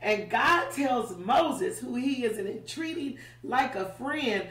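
A woman's voice: fairly high pitch, lively intonation, slow, hardly any pauses, a bit bright. A woman teaching a Bible study in a conversational way, often checking in with "right?". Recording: roomy, distant mic.

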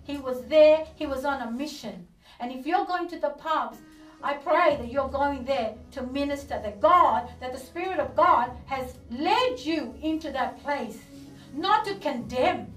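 A woman's voice: high voice, expressive, unhurried. A woman pastor delivering a sermon, preaching with fervent rhetorical questions and repeated words. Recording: echoey room from a distance with faint music.

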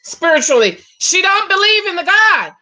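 A woman's voice: extremely high pitch, very animated, moderate pace, sharp tone. Sassy, exclamatory woman reacting to reality TV. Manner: sassy, exclamatory, talks to viewers as "child" and "ladies". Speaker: reaction video host. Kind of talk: casual reality-show reaction commentary.

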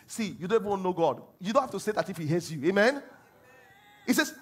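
A man pastor with a Nigerian accent delivers an animated sermon. His voice sits high and swings widely in pitch. A husky, slightly rough tone runs through it as he moves between quiet mimicked prayers and loud calls to the congregation. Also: normal speed.

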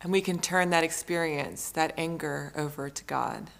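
A woman in her thirties, a pastor preaching a sermon in a measured way, repeating phrases for emphasis. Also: low-pitched, vocal fry.

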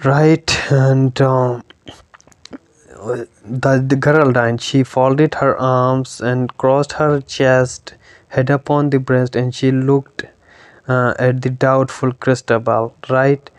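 A man teaches a poem slowly, stopping often to check with his listeners. His voice is smooth and clear, with a flat, even delivery. The recording is dry and close, with no room sound. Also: medium pitch, dry recording. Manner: hesitant, many fillers and "right?" checks. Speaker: literature teacher. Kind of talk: explaining a poem line by line.

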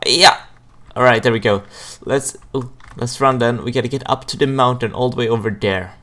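Speaking at normal speed in a medium pitch, a young gaming host narrates his play casually, breaking into excited exclamations and giggles again and again.

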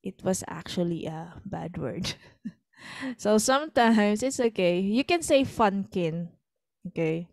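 A woman's voice: mid-range voice, expressive, slow, vocal fry, a little mellow, no room sound, clean studio sound. A woman teaching an online singing lesson over a video call, patiently coaching her student through a song's lines. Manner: patient, demonstrates lines by speaking and singing them.

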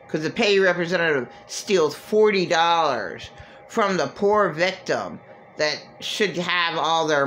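A woman's voice: on the low side, fairly bright tone, slight background noise. A woman vlogger venting in a rambling, agitated, profane monologue.

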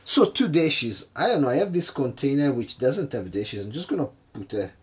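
A man's voice: mid-range voice, very animated, moderate pace, husky. A man hosting a casual cocktail-making vlog at his home bar, chatty and hesitant, nervously poking fun at himself. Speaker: home bartender host.

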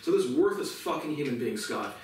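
A man's voice: medium pitch, expressive, a little fast, darkish tone. A man ranting to the camera in an indignant, profane, repetitive monologue. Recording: echoey room, voice far from mic, faint noise.

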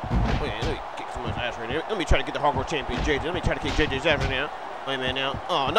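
A man's voice: medium pitch, quick pace. A man commentating a wrestling video game in a rowdy comedic way, yelping, cursing and groaning in mock pain. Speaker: gamer commentating a wrestling game as his character. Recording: loud crowd noise behind.

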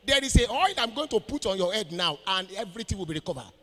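A Nigerian pastor preaching with a high, bright voice that climbs and drops all over. He asks questions for the congregation to finish and breaks into shouted declarations. The sound rings with the long echo of a church hall. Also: sing-song, fast talker. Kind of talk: sermon.

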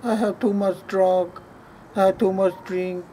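A man's voice: sits high, level tone, measured pace, mellow, slight background noise, low-quality recording. A man voicing a weary, homesick addict who speaks mournfully.

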